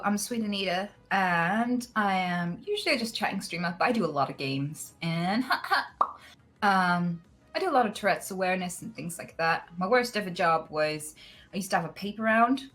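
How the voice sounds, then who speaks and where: A woman's voice: on the low side, normal speed, a bit bright, faint music behind. A woman who streams, telling a story in casual chat and slipping into voices for quotes. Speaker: streamer guest.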